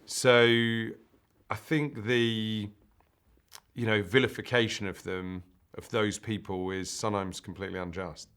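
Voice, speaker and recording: Actor, lowish voice, easygoing interview chat with fillers. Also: male voice, unhurried, clean tone. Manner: relaxed, conversational, uses "you know" fillers. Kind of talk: press junket interview.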